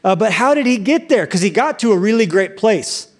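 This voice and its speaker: A man delivering a sermon with a notably high-pitched voice. He jokes and acts out little inner voices, speeding up and slowing down for effect. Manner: animated, joking, acts out quoted inner voices. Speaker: pastor.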